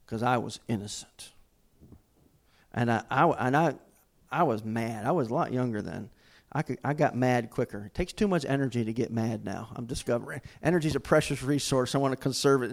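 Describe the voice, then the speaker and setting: A middle-aged man, preaching a sermon as pastor and telling folksy stories with self-mocking humor. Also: medium pitch.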